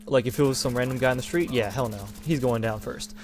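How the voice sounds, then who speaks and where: A young man who hosts a gaming channel speaks fast in a mid-range voice, with a slight hiss or hum behind him. He delivers a casual, indignant opinion rant over gameplay, rambling and restarting often.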